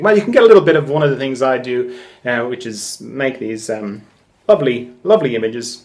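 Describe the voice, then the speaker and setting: Rambling Irish podcast host, joking. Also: male voice, mid-range voice, animated, normal speed. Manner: rambling, joking, swears freely, laughs at himself. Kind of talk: casual solo podcast monologue.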